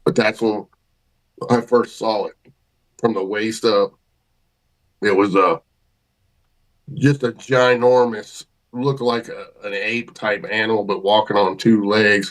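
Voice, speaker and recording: A man's voice: fairly low pitch, level tone, slow pace, fairly bright tone, poor audio. A man, a podcast guest, telling a story in a casual, folksy way with colloquial grammar and vivid detail.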